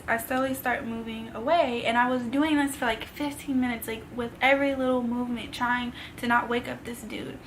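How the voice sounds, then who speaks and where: A woman's voice: a little high, steady tone, fairly quick, hardly any pauses, slight background noise, rough recording. A young woman telling a personal story in a vlog, with casual slang, emotional and tearful at times. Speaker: vlogger.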